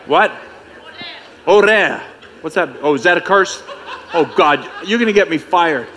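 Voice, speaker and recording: A man's voice: a little high, lively intonation, a little slow, pauses often, sharp tone, some chatter behind. A man emceeing a conference, bantering and joking with the audience in a playful, teasing way. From United States. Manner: playful, teasing, self-mocking.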